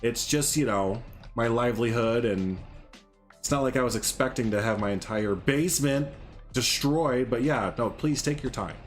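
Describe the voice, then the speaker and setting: A man hosting a gaming livestream talks casually at a mid-range pitch, rambling and cracking sarcastic jokes as he goes. Faint game music plays softly behind his voice. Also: normal speed. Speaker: livestream host.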